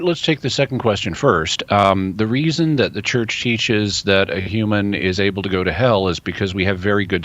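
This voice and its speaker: A man with a very low voice explains things step by step as a radio guest. He is precise and methodical, like a teacher laying out rules. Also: a bit bright, no echo, highs cut off. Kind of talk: explaining on radio talk show.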